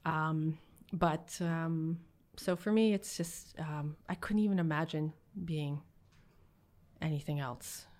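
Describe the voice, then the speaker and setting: A middle-aged woman guest on a podcast, telling funny family stories in a casual, animated way, laughing often and acting out what relatives said. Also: low voice, slow. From Canada. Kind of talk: casual storytelling interview.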